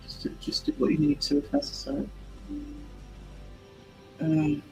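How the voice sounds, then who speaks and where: A man's voice: very high-pitched, big pitch swings, measured pace, gravelly, music in the background, poor audio. A man hosting a livestream, chatting casually with viewers and laughing often. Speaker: livestream host. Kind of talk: casual livestream chat reading comments.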